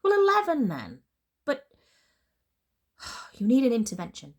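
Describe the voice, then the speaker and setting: A woman's voice: a little high, huge pitch swings, unhurried, voice pushed up, heavily acted. A woman voicing a blunt, caring female friend and boss who pushes hard and talks matter-of-factly. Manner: pushy, insistent, matter-of-fact.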